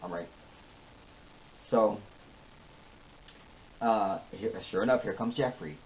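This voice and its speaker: A man's voice: lowish voice, slow pace, slight background noise. A man giving a casual, rambling recap of a TV episode and acting out bits of the dialogue. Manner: rambling, animated, acts out the dialogue. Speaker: TV recap host. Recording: dull lo-fi audio with faint ambience.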